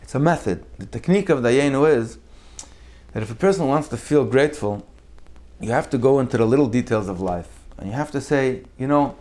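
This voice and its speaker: A man giving a Torah sermon in a lively storytelling way, acting out quotes with big jumps in his voice. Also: a little fast. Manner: animated, acts out quotes with big pitch jumps. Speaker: rabbi giving a Torah class.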